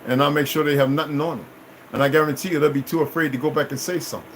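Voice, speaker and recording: A man's voice: on the high side, steady tone, very fast, slight background noise, poor audio. A middle-aged man telling a long personal story as a vlogger, in a rambling, profane, emphatic way. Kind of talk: casual storytelling monologue.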